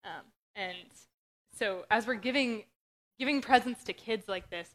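A woman's voice: medium pitch, a little slow, a bit bright. A young woman from Western Pennsylvania sharing her testimony in an earnest, conversational way with many fillers. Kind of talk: casual testimony talk.

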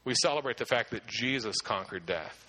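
A man's voice: on the low side, lively intonation, brisk, sharp tone. A man preaching a sermon as pastor, earnest and emphatic, often restarting his words.

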